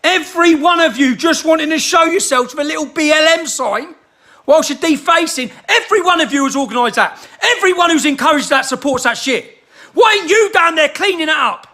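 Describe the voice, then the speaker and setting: A man delivering a heated, shouting rant to the camera. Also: extremely high pitch, animated, fairly quick.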